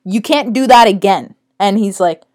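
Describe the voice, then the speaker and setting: Animated young woman telling a story. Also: medium pitch, normal speed. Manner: animated, profane, acts out quotes. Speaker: podcast co-host. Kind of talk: casual chat, storytelling.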